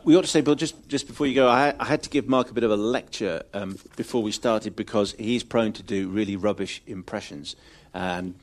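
A man hosting a live show, brisk and teasing, wrapping up with his guest. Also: on the low side. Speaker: host.

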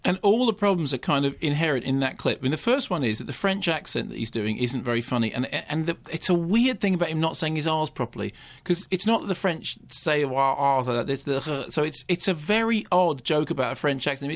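A man reviewing a film on a radio show, talking fast and rambling with many restarts. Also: on the high side, expressive. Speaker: film critic.

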